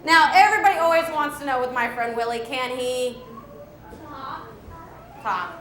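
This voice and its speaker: A woman's voice: sits high, normal speed, a bit bright, echoey room. A woman wildlife educator giving an upbeat live animal presentation to children, asking them questions and laughing often.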